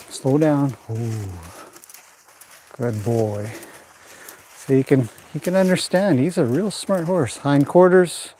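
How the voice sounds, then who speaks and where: A man training a horse in a pen, calmly explaining what he does while softly praising and directing the animal. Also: fairly high pitch, takes it slowly, a little hiss or hum. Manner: calm running commentary mixed with soft praise to the horse.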